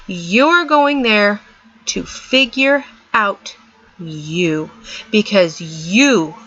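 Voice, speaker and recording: A woman's voice: medium pitch, extremely slow, pushed and bright. A middle-aged woman vlogger giving an earnest, emphatic motivational talk, repeating her points for stress. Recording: dull lo-fi sound.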